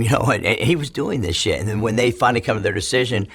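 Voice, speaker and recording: Man from california, very raspy voice, low-pitched, profane rambling storyteller, interview. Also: fairly bright tone. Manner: profane, rambling, fast retelling with many restarts. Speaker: interviewee telling his life story. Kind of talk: casual storytelling.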